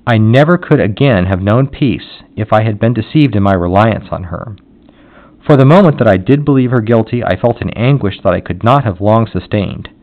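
A man's voice: on the low side, expressive, normal speed. A man reading the lines of a grieving young noblewoman, earnest and sorrowful. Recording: dull lo-fi audio.

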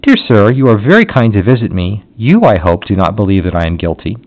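A man reading the lines of a condemned young servant woman, gentle and resigned. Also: lowish voice, sing-song, a little fast. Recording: dull lo-fi audio.

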